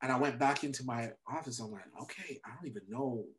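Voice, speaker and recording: A middle-aged male comedian, a guest in an interview, telling a story with animated delivery and acting out the lines of other people. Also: mid-range voice, fast talker, slight background noise.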